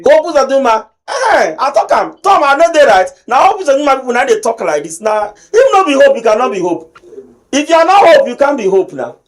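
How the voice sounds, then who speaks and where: A man's voice: extremely high pitch, sing-song, fairly quick. A man with a Nigerian accent hosting a pidgin talk show in a studio, chatty and teasing, with many fillers. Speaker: host.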